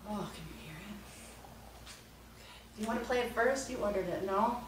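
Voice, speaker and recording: A woman unboxing an instrument in a casual vlog, gushing and excitable, laughing often. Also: medium pitch, fairly quick. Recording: roomy, mic at a distance, background noise.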